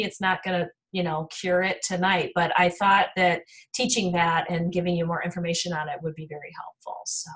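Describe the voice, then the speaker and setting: A middle-aged woman clinician hosting a webinar, talking reflectively with many fillers as she answers questions. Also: fairly low pitch. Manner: warm, reflective, many "um"s and "you know"s.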